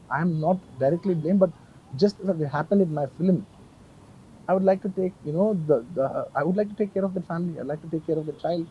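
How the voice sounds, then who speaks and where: Earnest man at a press conference, emotional and insistent, rapid delivery, slightly higher voice. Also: highs cut off, slight background noise. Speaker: film actor at a press conference.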